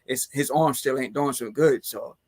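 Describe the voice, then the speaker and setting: A man's voice: mid-range voice, moderate pace, darkish tone. A man hosting a casual podcast chat who rambles along, filling his talk with "man" and "you know". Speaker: podcast host.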